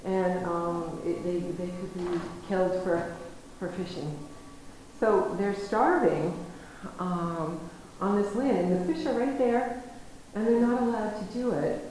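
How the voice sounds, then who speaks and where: A woman giving a storytelling lecture, her voice ringing around a very echoey room with a faint hiss of noise underneath. She talks in a lively, animated way, acting out conversations and laughing easily. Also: on the low side, unhurried.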